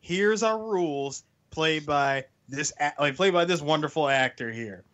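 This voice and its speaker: A man's voice: a little high, unhurried, fairly bright tone. A man co-hosting a casual movie chat, explaining plot and rambling with lots of "like". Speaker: podcast co-host. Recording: dull lo-fi mic.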